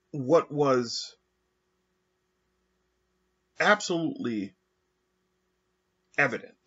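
A man talking through his thoughts alone in a slow, halting monologue with frequent pauses and fillers. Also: medium pitch, sharp tone, slightly rough. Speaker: podcast host. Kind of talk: reflective monologue. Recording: dull lo-fi recording.

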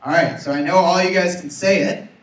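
A young man giving an energetic motivational sales talk, urging his audience to repeat after him. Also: high-pitched, brisk, noisy background. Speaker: sales trainer. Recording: roomy, from far off.

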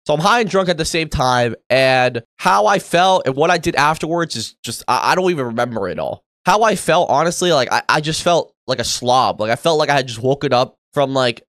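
A young man casually telling a party story to camera, animated and swearing freely, acting out what others said. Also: fairly high pitch, fairly quick, hardly any pauses, dry recording. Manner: animated, acts out quoted voices, swears freely. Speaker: storytime YouTuber.

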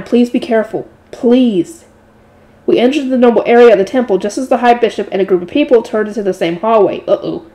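A woman reading a light novel aloud in a steady narrating voice, adding her own asides. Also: a little high. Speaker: audiobook reader.

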